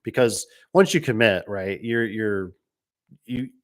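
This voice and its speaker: A man's voice: on the low side, takes it slowly. A middle-aged man who owns a garage door business, talking casually and rambling through stories and comments with lots of quoted dialogue. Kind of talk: casual talk answering viewer comments.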